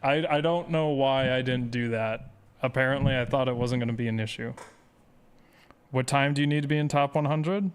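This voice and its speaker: A man's voice: mid-range voice, normal speed, clear, resonant tone. A man speedrun streamer chatting casually with his viewers, rambling and self-deprecating as he reads chat aloud.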